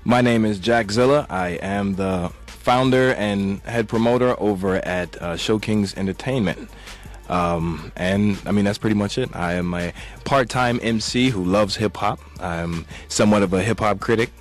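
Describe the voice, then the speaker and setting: Laid-back low-voiced man in a radio studio. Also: normal speed, faint music behind. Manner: laid-back, says "man" often, hesitant fillers. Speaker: radio show guest. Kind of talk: casual radio interview.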